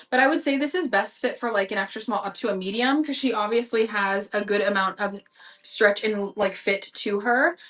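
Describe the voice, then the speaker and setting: A woman's voice: fairly high pitch, fairly bright tone. A young woman with a chatty, gushing manner, full of slang and fillers, selling clothes on a live stream.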